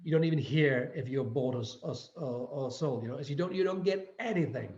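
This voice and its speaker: A man's voice: medium pitch, a little fast, a little mellow. A Danish man speaking English with a Danish accent, a guest actor chatting casually and restarting his sentences as he searches for words. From Denmark. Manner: stop-start, repeating words while searching for them. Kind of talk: casual interview chat. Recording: roomy, slightly dull audio.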